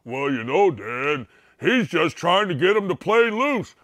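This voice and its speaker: A man putting on the voice of a dim male sports fan who makes excuses, in a slow, dopey, mocking drawl. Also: fairly high pitch, sing-song, fairly bright tone, dry recording, clean studio sound, voice pushed down.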